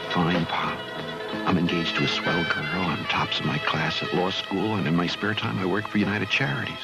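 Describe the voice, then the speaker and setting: An actor voicing a nervous, earnest young law-student son who stammers, in a 1970s cartoon. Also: male voice, sits low, fairly even intonation, moderate pace, gravelly. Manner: stammering, jittery. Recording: cartoon soundtrack with loud music.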